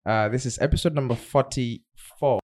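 A man hosting a podcast, relaxed and casual, often repeating words as he starts his questions. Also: mid-range voice, moderate pace, dry recording, clean studio sound. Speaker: podcast host. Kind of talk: casual interview chat.

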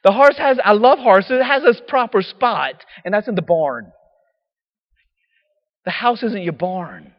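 A man preaching a sermon in a lively, casual way, full of slang and acted-out quotes. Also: sits high, measured pace, pauses often, in a large hall, highs cut off.

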